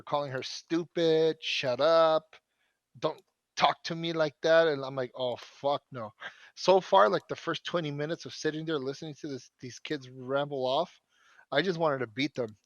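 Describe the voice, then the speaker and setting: Young guy rambling and cussing thru a story, kinda high voice, dry muffled sound. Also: a bit bright, no echo. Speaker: podcast co-host. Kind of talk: casual chat.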